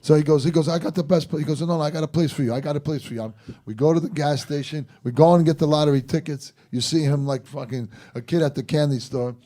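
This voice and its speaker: Mellow male storyteller, acts out each line of dialogue, salty language. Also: fairly high pitch, fast talker. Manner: animated, acts out quotes, swears. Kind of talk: casual storytelling.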